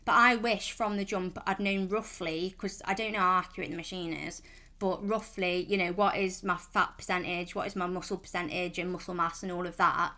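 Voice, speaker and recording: A woman's voice: on the low side, steady tone, a little fast, pushed and bright. A woman, talking casually in a vlog, chatty and rambling, frank and reassuring. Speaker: vlogger.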